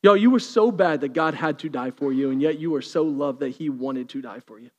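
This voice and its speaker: A man, preaching a sermon, swinging from lively storytelling to quiet intensity. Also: fairly high pitch, brisk, in a large hall. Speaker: pastor.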